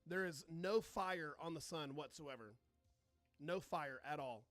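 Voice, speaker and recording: A man's voice: on the high side, measured pace, fairly bright tone, dry recording, faint music behind. A man hosting a live astronomy stream, chatting casually, swearing and reading out and answering viewer comments, sarcastic toward trolls. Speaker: astronomy livestream host.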